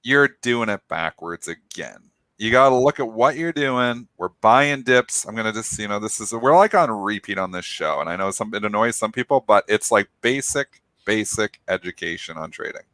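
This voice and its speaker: A man's voice: lowish voice, animated, moderate pace, sharp tone, no room sound. A man co-hosting a market show, emphatically explaining trading basics and repeating his point. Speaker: co-host, trader. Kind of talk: market talk show commentary.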